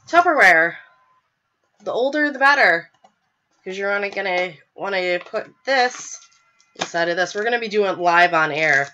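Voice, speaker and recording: A woman's voice: fairly low pitch, bright, forceful tone, muffled recording, a little hiss or hum. A young woman hosting a live show, talking casually with lots of fillers, stuffy from a cold. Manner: chatty, filler-heavy, apologetic. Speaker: podcast host. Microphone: webcam.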